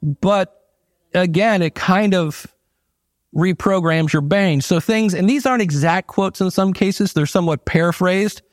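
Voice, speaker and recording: A middle-aged man delivers a sermon in an easygoing, conversational manner, slipping in casual asides. His voice is somewhat high for a man. The sound is close and dry. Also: measured pace, dry recording. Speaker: pastor.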